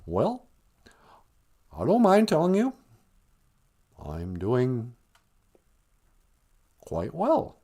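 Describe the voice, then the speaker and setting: A man imitating a former president who speaks in slow, measured phrases broken up by deliberate pauses. It is a live-stream comic impression with a wide, lively rise and fall in pitch. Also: heavily acted.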